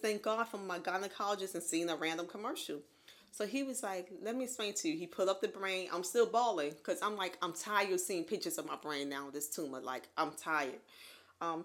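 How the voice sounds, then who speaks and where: A woman in her thirties co-hosting a podcast, telling her own story in casual chat, animated and laughing often. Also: mid-range voice. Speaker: podcast co-host.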